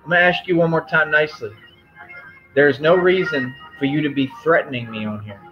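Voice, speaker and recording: A man's voice: on the high side, fairly quick, dull audio, music in the background. A man hosting a live stream who addresses his chat in a confrontational, firm and repetitive way, lecturing them. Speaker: livestream host.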